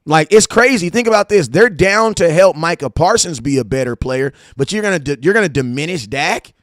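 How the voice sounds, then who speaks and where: A man hosting a casual sports fan show, talking in an animated, slangy way with stories and asides. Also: on the high side, a little fast, no echo, clean studio sound. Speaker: sports podcast host.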